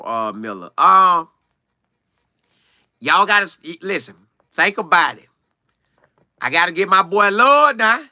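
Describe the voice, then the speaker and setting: A man's voice: on the high side, pushed and bright, smooth, no echo, studio quality. A young man hosting a casual livestream, reading viewer comments and answering them, repeating words for emphasis.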